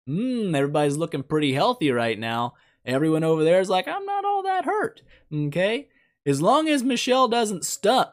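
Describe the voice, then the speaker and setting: This man, whose voice is on the high side, narrates mobile gameplay casually as a YouTuber. His commentary is teasing and jokey, lobbing mock insults at the characters.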